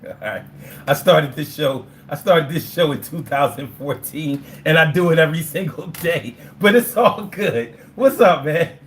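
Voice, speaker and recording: A man's voice: fairly high pitch, animated, a little slow, a little hiss or hum. A man from hosting a live call-in show, chatting loosely and freestyling a swearing rap battle with a caller. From Philadelphia. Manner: loose, swearing, playful trash talk.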